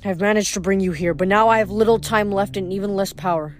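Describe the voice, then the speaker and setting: A woman voicing an imprisoned goddess who speaks in a hushed, stern, commanding tone. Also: medium pitch, fast talker, soft background music, lightly acted. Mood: ominous.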